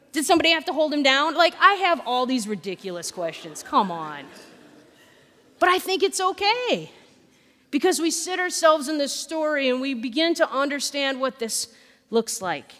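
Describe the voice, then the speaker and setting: A woman pastor preaching a sermon, telling the story in an animated way and acting out the questions and quotes. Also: high-pitched, big-room sound. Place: church sanctuary.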